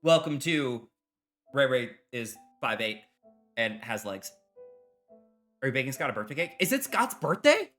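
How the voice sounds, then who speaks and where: Man, live baking stream, loud and jokey, bright voice, mic some way off, home kitchen. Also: mid-range voice, a little slow, pauses often, faint music behind. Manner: loud, rambling, jokey, chatting with viewers. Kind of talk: casual chat while baking. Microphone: microphone set far from his face.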